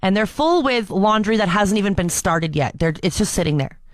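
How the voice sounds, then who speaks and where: A woman's voice: mid-range voice, lively intonation, a little fast, no echo, studio quality. A young woman co-hosting a casual podcast, telling a story with frequent laughs and restarts. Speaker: co-host. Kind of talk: casual chat.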